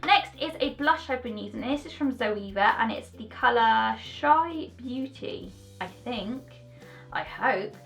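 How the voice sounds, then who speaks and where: A woman's voice: a little high, lively intonation, a little slow, creaky, fairly bright tone, soft background music. A young woman chatting bubbly and casually as a beauty vlogger, drifting off on tangents. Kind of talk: casual product review chat.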